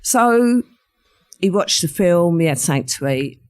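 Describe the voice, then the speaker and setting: An older woman on a podcast tells a personal story in conversation, animated yet unhurried, in a lowish voice. She's a vivid storyteller who acts out the words of the people involved.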